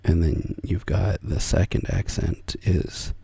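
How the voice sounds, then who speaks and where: Low gravelly soft-spoken man. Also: slow, dry recording. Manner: soft-spoken, rambling and thoughtful. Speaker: ASMR channel host. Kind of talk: soft-spoken ASMR chat. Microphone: close mic for headphone listening.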